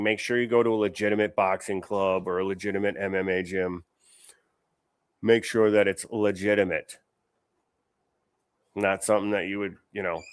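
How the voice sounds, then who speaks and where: Lowish-voiced guy hosting, rambly and sweary, lots of "you know", dry close sound. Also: no room sound. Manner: rambling, profane, full of "you know" fillers; amused, laughs often. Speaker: host. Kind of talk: casual reaction commentary.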